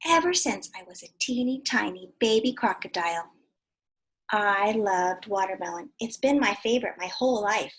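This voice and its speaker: A woman's voice: medium pitch, lively intonation, normal speed, husky. A woman voicing a cheerful young male crocodile who loves watermelon, with an eager, savoring delivery. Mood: fond.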